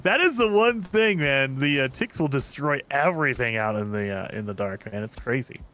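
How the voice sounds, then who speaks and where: A man's voice: mid-range voice, lively intonation, moderate pace, fairly bright tone. A man joining a multiplayer game stream, talking casually and laughing at his own jokes. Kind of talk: casual gaming stream chat.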